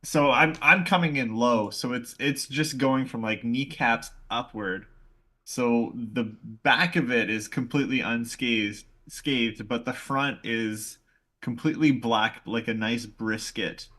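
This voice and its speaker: Casting: man player, bright tense voice, drawn-out unhurried delivery. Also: medium pitch. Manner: slow, vivid describing of his character's actions. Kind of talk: tabletop role-play.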